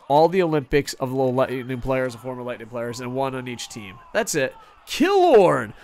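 A man giving casual, excitable commentary on a hockey video game stream, swearing often and poking fun at himself. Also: medium pitch. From United States. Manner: excitable, profane, self-mocking.

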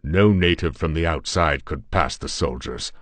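A man's voice: rumbling low, moderate pace, a bit bright, no room sound. A man voicing a domineering lord of a castle who bellows commands. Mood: commanding.

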